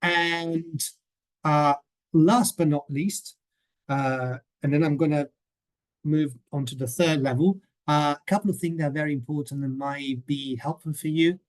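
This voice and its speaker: A man's voice: a little high, measured pace. A man presenting a coursebook in a webinar over a video call, chatty and often checking in with the listeners. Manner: chatty, keeps checking in with "okay?". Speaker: teacher trainer presenting a coursebook.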